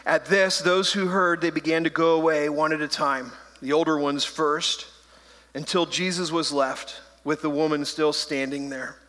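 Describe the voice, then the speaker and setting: Playful bright-voiced male pastor in a reverberant hall. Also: a little high, fairly even intonation, normal speed. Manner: conversational and playful, acting out voices in jokes. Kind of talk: sermon.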